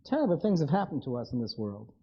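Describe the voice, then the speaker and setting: A man's voice: mid-range voice, big pitch swings, fast talker, breathy edge, muffled recording. A man giving a live lecture, blunt and wry, speaking straight to his audience.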